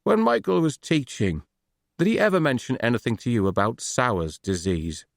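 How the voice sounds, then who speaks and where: A man voicing a male police detective who asks measured, probing questions in an audiobook. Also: medium pitch, big pitch swings, creaky, dry recording, clean studio sound.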